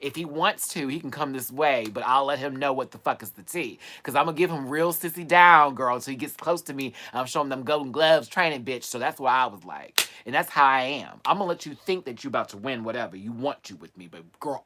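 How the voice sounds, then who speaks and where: A man in the middle of his range chats to his live viewers and launches into stories. He talks with sass and animation, full of playful slang. The delivery stays casual and lively throughout. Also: mid-range voice. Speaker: livestream host. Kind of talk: casual livestream chat and storytelling. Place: at home, live stream.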